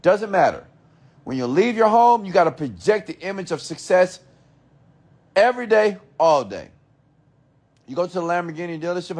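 In a motivational rant, a man speaks at a moderate pace with frequent pauses, his voice on the high side, lively in intonation, and slightly mellow. He's emphatic, repetitive, asks rhetorical questions, and casually swears.

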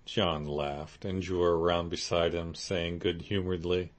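A man narrating a classic novel as an audiobook in a steady, measured way. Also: low-pitched. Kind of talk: scripted narration.

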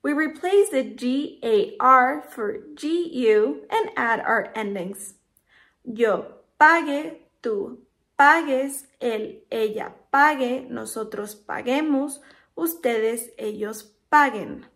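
A woman teaching Spanish verbs in a scripted lesson, speaking slowly and carefully, spelling out letters and conjugations one by one. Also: high voice, a bit bright.

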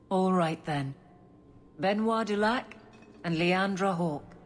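An actress voicing a grieving woman guard captain who speaks in a quiet, restrained, plainspoken way. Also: fairly low pitch, very slow. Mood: tender.

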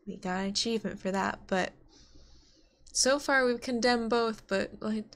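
A woman's voice: a little high, normal speed. An American woman playing a game and chatting casually about it, giggly and talkative. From United States. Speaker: game streamer. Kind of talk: casual let's play commentary.

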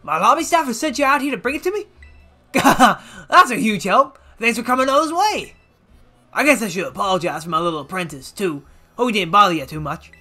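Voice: mid-range voice, expressive, fairly quick, pushed and bright, faint music behind. A gamer doing a rowdy old seafood-loving gym leader with a Southern drawl. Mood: boisterous. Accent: American Southern (put on). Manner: boisterous, drawling, exclamatory. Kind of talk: reading game dialogue aloud.

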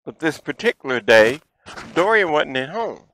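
A man in his fifties hosting a show, telling childhood stories in a folksy, animated way. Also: on the high side, normal speed, rough recording. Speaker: show host. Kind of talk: storytelling childhood memories.

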